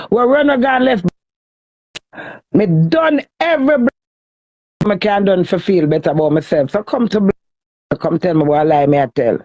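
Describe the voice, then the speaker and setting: A woman's voice: medium pitch, vocal fry, warm tone, dry recording, poor audio. A woman with a Jamaican Patois accent, venting in an emotional social media rant, pleading and repetitive as she swings between cussing and begging.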